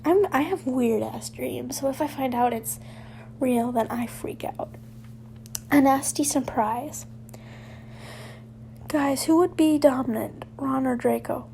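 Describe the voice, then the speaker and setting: A woman with a high voice reads fan fiction aloud at an unhurried pace. She keeps breaking off to mock the writing and swear at it, chuckling as she goes. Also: creaky, warm tone, a little hiss or hum. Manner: irreverent, swears, laughs at the text. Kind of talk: casual reading aloud with commentary.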